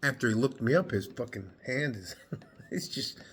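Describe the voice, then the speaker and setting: A man's voice: mid-range voice, animated, normal speed, fairly bright tone, husky. A man telling a story to the camera in a rambling, casual way, laughing often and swearing now and then. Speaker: vlogger.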